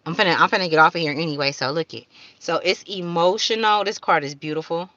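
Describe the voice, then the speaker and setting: A woman's voice: fairly low pitch, fast, pushed and bright, no echo, muffled recording. A woman doing a casual spiritual card-reading vlog, talking fervently in slang, swearing at times and stumbling as she reads the card text aloud. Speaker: card reader.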